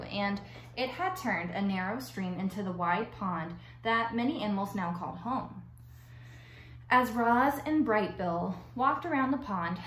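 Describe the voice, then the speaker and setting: A woman teacher reading a chapter book aloud to her class, relaxed and casual, with a few small slips. Her voice sits at an ordinary height and sounds roomy and echoey, with faint noise behind it. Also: medium pitch. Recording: echoey room.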